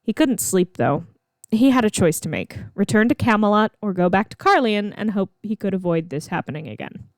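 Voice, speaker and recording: A woman narrates her own story in steady, expressive read-aloud style. Her voice sits in a middle range for a woman. The recording is dry, with no room echo at all. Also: mid-range voice, a little fast, hardly any pauses. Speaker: narrator reading her own fan fiction.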